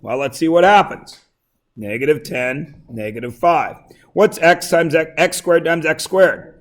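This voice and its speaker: A man teaching a classroom math lesson, quizzing students with quick questions and joking asides. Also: a little high.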